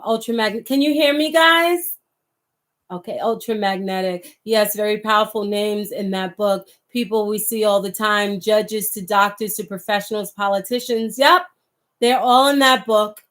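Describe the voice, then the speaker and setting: Her voice is fairly high and a bit bright as this middle-aged woman hosts a casual livestream, talking to viewers with passion and reading out their comments.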